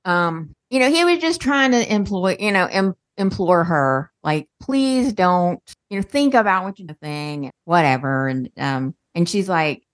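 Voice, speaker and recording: A woman co-hosting a podcast, retelling soap opera scenes in relaxed casual chat, filling in with "you know" and acted-out quotes. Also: on the low side, unhurried, few pauses. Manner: relaxed storytelling, acts out scenes with quotes and fillers. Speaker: podcast co-host.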